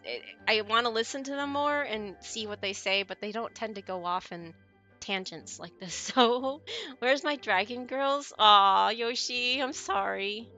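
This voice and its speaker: Bright, giggly woman streamer. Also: medium pitch. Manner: giggly, chatty, answers chat messages. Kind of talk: casual chat with viewers while gaming.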